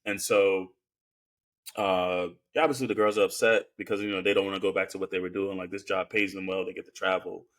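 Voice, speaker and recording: Guy on a podcast retelling a movie, kinda low voice, lots of uh and like. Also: little pitch movement, fairly quick, a bit bright. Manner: rambling, filler-heavy recap. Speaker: podcast co-host. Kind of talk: casual film review chat.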